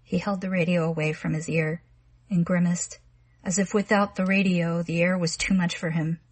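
A woman narrating a literary short story in a measured, calm reading voice. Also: fairly low pitch, no room sound. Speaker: audiobook narrator.

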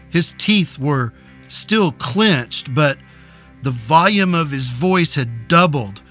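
A male narrator reads a dark serial story in a measured, deliberate way. His delivery is very slow and his tone bright, with faint music underneath. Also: fairly high pitch, animated. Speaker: narrator and host.

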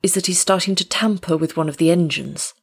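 A woman's voice: lowish voice, fairly quick, gravelly, husky. A woman reading the lines of a panicky middle-aged male airline passenger who talks in a shaky, pleading way. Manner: shaky, pleading, rising to shouts. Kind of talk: audiobook reading.

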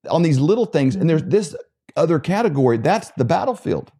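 A man's voice: fairly high pitch, very animated, fairly quick, warm tone, husky. A man speaking in a casual chat. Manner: brief interjections and laughter.

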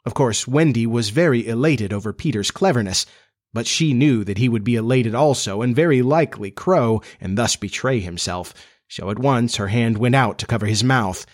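Man reading a storybook aloud. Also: medium pitch. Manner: steady, measured reading. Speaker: narrator. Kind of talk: storybook audiobook narration.

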